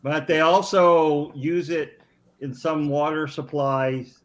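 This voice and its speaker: A man's voice: on the high side, steady tone, slow pace. A man from California in a casual group chat, explaining things in a matter-of-fact way.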